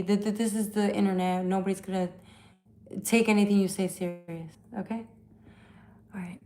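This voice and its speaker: A woman of middle pitch hosts a live tarot stream into her phone. She talks bluntly and swears freely. She calls out commenters without holding back. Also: fairly even intonation, moderate pace, pauses often, mellow. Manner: blunt, profane, confrontational. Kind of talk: casual live-stream chat.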